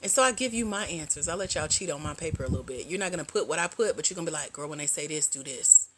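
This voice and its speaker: A woman hosting a casual livestream as a grant coach, animated and slangy, teasing her viewers and laughing often. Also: lowish voice, racing, background noise.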